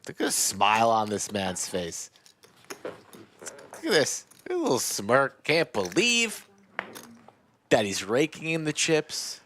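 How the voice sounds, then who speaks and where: A man's voice: mid-range voice, huge pitch swings, takes it slowly, long pauses, a bit bright, a little hiss or hum. A man giving play-by-play on a live poker stream, teasing the players.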